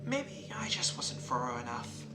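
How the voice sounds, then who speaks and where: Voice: medium pitch, big pitch swings, a little slow, pitched below the performer's own voice. A streamer reading aloud the lines of an affectionate teenage girl club president from a visual novel, in a plain half-amused delivery. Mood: tender. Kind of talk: reading game dialogue aloud. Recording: roomy with game music behind.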